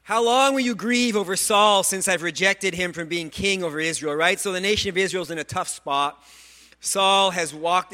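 A male pastor delivering a sermon in a high, bright, ringing voice. He speaks earnestly and with animation, often stumbling over repeated words. He drops in self-mocking jokes along the way. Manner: self-deprecating humor.

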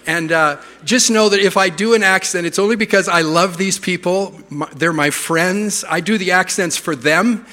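A man's voice: high voice, normal speed, few pauses, big-room sound. A middle-aged Canadian man preaching a sermon in a church, telling funny stories. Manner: humorous storytelling, lively. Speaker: pastor.

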